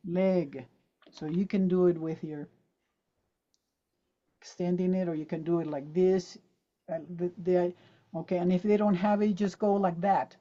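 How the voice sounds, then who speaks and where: Lively woman teaching pronunciation, lo-fi call. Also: fairly low pitch. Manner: lively, demonstrative, drills words aloud and quizzes the audience. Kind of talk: online teaching talk. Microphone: video call.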